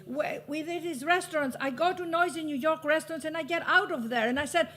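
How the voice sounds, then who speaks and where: Her voice sits high with a fairly bright tone, and she talks fairly quickly with few pauses. This middle-aged Greek author, speaking on a panel, exhorts the audience in a passionate, sermon-like motivational talk, occasionally laughing at what she's just said.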